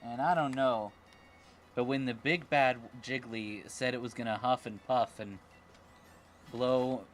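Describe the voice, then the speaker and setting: A man's voice: mid-range voice, fairly even intonation, a little slow, slight background noise. A male streamer giving casual let's-play commentary, crude and jokey, squealing in mock disgust.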